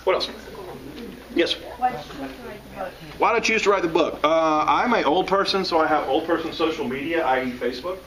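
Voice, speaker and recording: A man's voice: on the high side, moderate pace, long pauses, a crowd in the background. A man from the South, an author and teacher telling jokes and stories to a live audience. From American South. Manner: joking, animated storyteller. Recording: distant mic with audience around.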